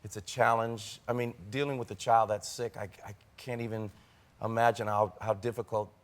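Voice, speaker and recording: A man's voice: fairly low pitch, little pitch movement, moderate pace. A man hosting a daytime talk show, interviewing a guest in an effusive, complimentary way. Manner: warm and effusive.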